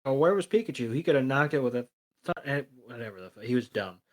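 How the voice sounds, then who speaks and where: A man's voice: mid-range voice, expressive, quick pace, rough recording. A man co-hosting a podcast, recapping a cartoon episode in crude, sarcastic casual chat. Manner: crude, profane, sarcastic retelling. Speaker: podcast co-host.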